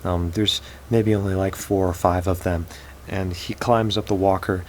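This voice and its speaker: A man telling an improvised story in a halting way, often repeating words. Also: sits low, steady tone, a little hiss or hum, rough recording.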